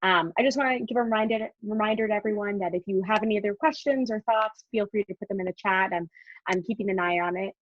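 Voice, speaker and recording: A woman's voice: mid-range voice, fast talker, dry recording. A woman moderating an online talk, speaking hesitantly with many fillers and restarts. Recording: dull, dry sound.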